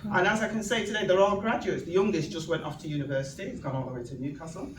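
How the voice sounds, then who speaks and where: A woman with a Northern English accent telling personal stories as a speaker at an event, animated, laughing often and acting out quoted speech. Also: fairly low pitch, rapid-fire. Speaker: guest speaker. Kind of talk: personal storytelling talk at an event. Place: event venue hall. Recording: echoey hall, mic from far off, noisy.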